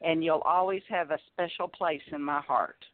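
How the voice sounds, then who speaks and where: A woman calling in to a show, speaking affectionately in a halting, gentle way. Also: deep voice, dry recording. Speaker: caller. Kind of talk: phone call to a show. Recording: tinny phone line.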